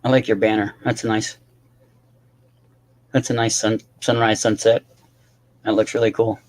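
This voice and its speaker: A man's voice: fairly low pitch, little pitch movement, unhurried. A tired man rambling casually to his livestream chat, swearing often and talking to viewers by name.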